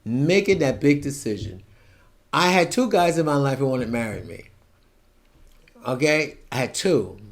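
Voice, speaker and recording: A man in his seventies giving a rambling monologue to camera, ranting and digressive, with sudden swings from soft asides to loud outbursts. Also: a little high. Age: 70s. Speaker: vlogger.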